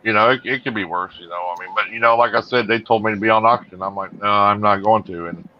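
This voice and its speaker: A middle-aged man hosting a livestream in casual chat, rambling with many fillers and trailing off quietly. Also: quick pace. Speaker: livestream host. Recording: muffled low-fidelity stream audio with faint hiss.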